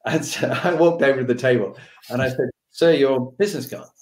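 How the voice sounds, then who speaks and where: A man's voice: mid-range voice, brisk, a little mellow, echoey room. A man telling an anecdote from his army days, acting out the dialogue with different voices and laughing as he goes. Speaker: storyteller recalling army days.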